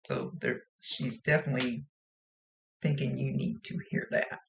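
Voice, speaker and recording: A woman's voice: very deep voice, big pitch swings, unhurried, gravelly. A woman working as a psychic medium, giving a rambling, chatty reading and often laughing. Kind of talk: casual spoken reading.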